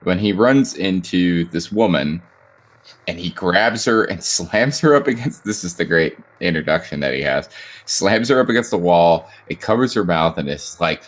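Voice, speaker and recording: A man with a very low voice co-hosts a casual movie podcast. He cuts in bluntly, swears freely and jokes about the film. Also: lively intonation, moderate pace. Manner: blunt, profane, jokey asides. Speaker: podcast co-host. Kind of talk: casual film-review chat.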